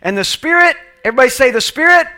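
A man preaching with fervor, his voice pitched high and ringing bright. He rises into loud calls, then drops to quiet asides. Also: animated, quick pace. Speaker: pastor. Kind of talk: sermon.

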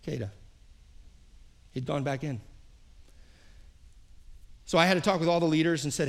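A man's voice: fairly high pitch, moderate pace, vocal fry, long pauses. A man preaching a sermon as pastor, telling a personal story and acting out the quoted dialogue, often repeating his phrases. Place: church service.

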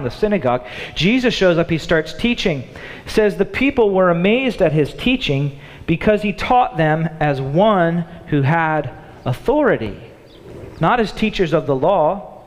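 A man preaching a sermon in an animated way, acting out the thoughts of the people in his story. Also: fairly high pitch. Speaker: pastor. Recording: long hall reverb.

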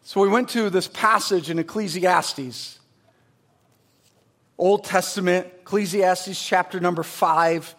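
A man in his forties, a pastor, preaching a sermon with energetic storytelling and emphatic, rising delivery. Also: high-pitched, slow pace.

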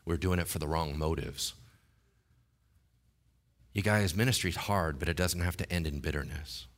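Preaching casually and conversationally, a man asks his congregation questions and performs the voices found in the text, building up to loud, high-pitched exhortation.

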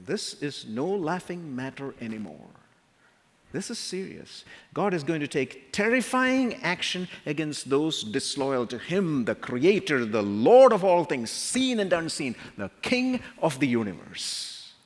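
A man's voice: fairly high pitch, sing-song. Emphatic male preacher in a reverberant hall. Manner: emphatic, slows to stress quoted scripture. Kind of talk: expository sermon.

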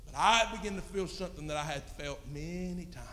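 A man's voice: on the high side, a little fast, fairly bright tone, slight background noise. A man preaching a sermon, telling a story in a folksy, plain-spoken way. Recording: long reverb in a hall.

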